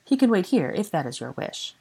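Haughty witch in disguise, low voice, clipped and evasive, read by a woman. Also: very animated, a little fast, vocal fry, warm tone, slightly rough, heavily acted.

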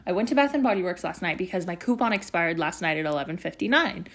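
A woman's voice: fairly low pitch, expressive, fast talker, fairly bright tone. A young woman hosting her own podcast from home, rambling casually with lots of fillers and swearing. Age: young adult. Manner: rambling and chatty, heavy use of "like" and swearing. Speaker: podcast host. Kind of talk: casual chat.

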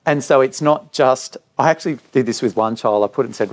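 A man's voice: medium pitch, fast talker. A man, a school director of middle years, talking candidly at a live parent evening and telling stories with quoted dialogue. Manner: candid storytelling, animated when quoting others. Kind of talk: speaking at a live parent info night.

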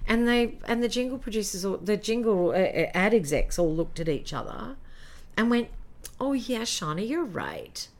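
A middle-aged Australian woman, a former jingle singer, telling lively anecdotes in a casual interview and acting out the quotes. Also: mid-range voice, normal speed.

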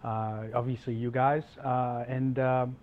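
Male guest, mid pitch, thoughtful and articulate, a few ums. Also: level tone, unhurried, phone-quality sound. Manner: thoughtful, articulate with light fillers. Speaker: guest, ocean explorer. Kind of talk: casual interview chat.

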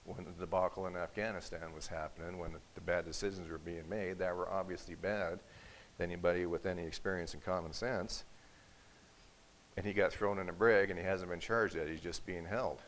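Very deep-voiced male pastor preaching. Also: steady tone, fairly quick, rough recording. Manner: storytelling with acted quotes, rising to forceful emphasis. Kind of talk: sermon. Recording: faint hiss.

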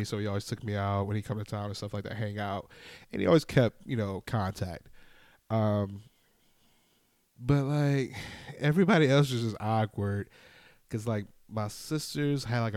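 A man's voice: lowish voice, clean tone, no room sound. Young man telling his story, dry close sound. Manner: candid, storytelling with animated acted-out quotes and swearing. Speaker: podcast host. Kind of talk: casual personal monologue.

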